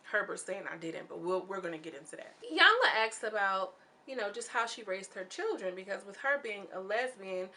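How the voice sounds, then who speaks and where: A woman's voice: lively intonation, moderate pace, pushed and bright. A young woman casually recapping a reality show, chatty and candid, often acting out what the people said. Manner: chatty and candid, acting out quoted lines with swings in pitch.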